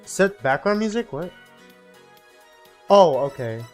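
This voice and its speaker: Guy streaming a game, rambly and lively, swears here and there, faint music behind. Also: high-pitched, takes it slowly. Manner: musing, swears casually, rambling. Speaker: gaming streamer. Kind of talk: casual live gameplay commentary.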